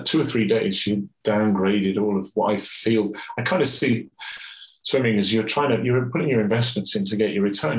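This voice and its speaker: A middle-aged man, a swim coach and father, telling a candid story in a conversational interview. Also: on the low side. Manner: candid, animated, reflective storyteller. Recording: roomy echo.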